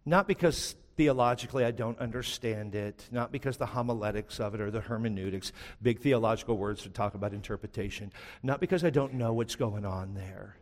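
A man preaching a sermon, retelling a story dramatically, swinging from loud to hushed. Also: fairly low pitch, fairly quick, hardly any pauses, big-room sound. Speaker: pastor.

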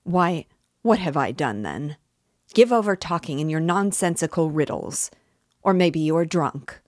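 A woman reading aloud and voicing a pompous, self-righteous middle-aged man who talks down to others and turns shrill when accused. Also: expressive, unhurried, darkish tone, no room sound, studio quality. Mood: indignant. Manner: condescending, wordy, later shrill and indignant.

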